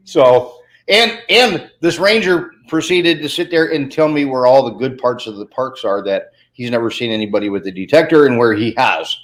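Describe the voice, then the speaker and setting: A man with a voice of medium pitch chats casually as a guest on a livestream. He tells his anecdotes in a relaxed way, with a chuckle here and there. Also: normal speed. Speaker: guest on a chat stream. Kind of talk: casual chat.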